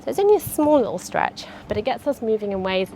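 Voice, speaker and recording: A woman's voice: fairly high pitch, big pitch swings, fast, warm tone, a little hiss or hum. A woman, a fitness instructor chatting and cueing movements through a workout.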